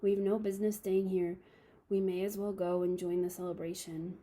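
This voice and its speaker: Woman reading wise old wizard man, calm, wry, gentle, mellow, breathy. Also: on the low side, normal speed, lightly acted.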